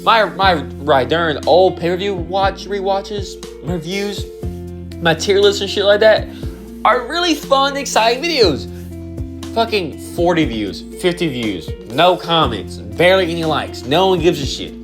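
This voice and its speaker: A man's voice: high-pitched, big pitch swings, unhurried, over music. A man ranting to camera about wrestling, profane, exasperated and emphatic. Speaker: wrestling commentary video creator. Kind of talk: opinionated rant to camera.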